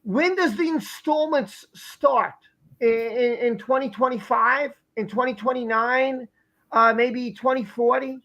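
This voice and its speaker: A man's voice: extremely high pitch, unhurried, pushed and bright. A man hosting a live stream, asking rhetorical questions in a repetitive, casual way.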